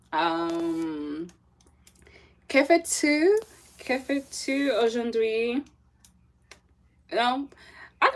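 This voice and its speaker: Young woman from southern africa on a live stream, slow easygoing talk, kinda low voice, laughs a lot. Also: a bit bright. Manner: chatty, laughs often, sprinkles in French phrases. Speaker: livestream host reading chat. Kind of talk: casual live-stream chat.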